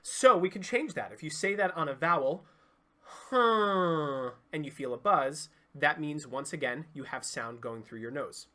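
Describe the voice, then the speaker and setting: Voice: mid-range voice, expressive, moderate pace, few pauses, fairly bright tone. Instructive singing coach explaining technique. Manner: clear, instructive, demonstrates sounds. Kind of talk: online vocal lesson.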